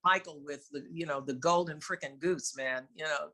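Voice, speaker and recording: Bright-voiced woman telling candid stories. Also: sits low, moderate pace. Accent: New York. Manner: lively, candid, laughs often. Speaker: interview guest, singer. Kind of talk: casual storytelling in an interview.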